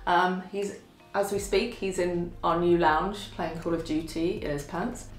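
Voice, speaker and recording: A woman chatting casually to camera about things she found for her home, self-deprecating and quick to laugh. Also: on the low side, fairly even intonation, reverberant. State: out of breath from lifting. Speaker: vlogger showing a home haul. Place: at home, indoors.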